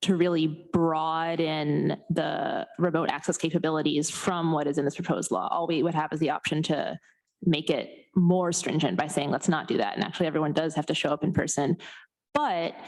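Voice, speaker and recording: Young woman legislator, chatty, hesitant, slightly low voice. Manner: chatty, hesitant, many fillers. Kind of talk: meeting discussion. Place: council chamber.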